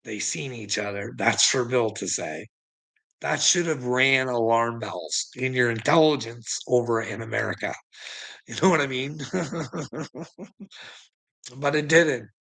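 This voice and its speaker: Gravelly man ranting at his chat. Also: medium pitch, measured pace, a bit bright, poor audio. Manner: combative, profane, needling viewers by name. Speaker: livestream host.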